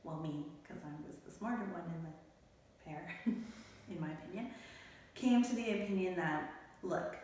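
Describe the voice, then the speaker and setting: A woman's voice: fairly low pitch, a little slow, darkish tone, a little hiss or hum. A middle-aged woman telling a personal story as an interview guest, in a candid, emotional, tumbling way. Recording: echoey room, mic at a distance.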